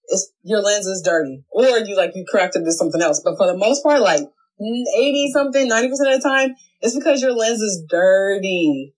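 A young adult woman in a home office giving casual, animated tips to a phone camera, chatty and playful. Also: mid-range voice, low-quality recording. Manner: chatty, animated, acts out little voices. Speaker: social media video coach.

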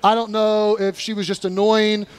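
A man's voice: sits high, flat delivery, moderate pace, smooth. A male pastor preaching a sermon in an emphatic, conversational way, with blunt warnings. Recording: long reverb of a large room.

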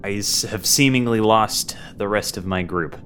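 A man's voice: fairly low pitch, normal speed, fairly bright tone, soft background music. A man playing a tabletop game in a casual, wisecracking and rambling way. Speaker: player.

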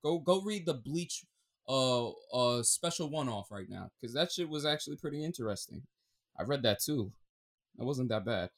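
A man co-hosting a casual podcast, talking in an animated, profane way that swings between loud bursts and mumbled asides. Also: medium pitch, normal speed. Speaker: podcast co-host.

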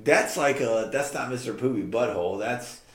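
A man's voice: mid-range voice, moderate pace, roomy sound, a crowd in the background. A man co-hosting a podcast, chatting casually with friends, teasing them and laughing often. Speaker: podcast co-host. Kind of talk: casual chat among friends.

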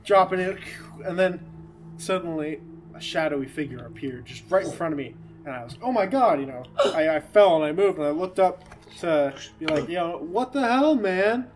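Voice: medium pitch, fairly quick, slight background noise. A podcast co-host telling a rambling improvised story with lots of fillers. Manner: rambling, laughing, filler-heavy. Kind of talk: casual comedy podcast chat, improvised storytelling.

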